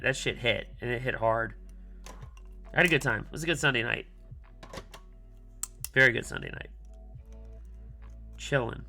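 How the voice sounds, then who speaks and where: A man's voice: mid-range voice, gravelly, sharp tone. A man in his thirties, a streamer telling a long rambling story full of fillers while he works on a keyboard, muttering asides to himself. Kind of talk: casual storytelling while working.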